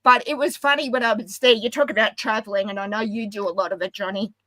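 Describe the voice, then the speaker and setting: A woman's voice: mid-range voice, fairly even intonation, quick pace, a bit bright, no echo, rough recording. A woman with an Australian accent, chatting casually and rambling with frequent laughs. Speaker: panel guest. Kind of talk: casual chat.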